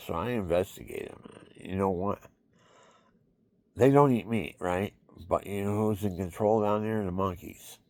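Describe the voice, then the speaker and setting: A man's voice: low voice, gravelly, a little mellow, dry recording. A man talking in a rambling, repetitive monologue, now and then acting out other people's voices.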